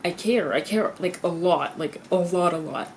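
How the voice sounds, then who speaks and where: Teenage girl, confessional vlog, low-pitched voice, halting and repetitive, swears freely, faint background hum. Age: teens. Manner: halting, repeats herself, restarts sentences; swears freely, voice jumps high when exasperated.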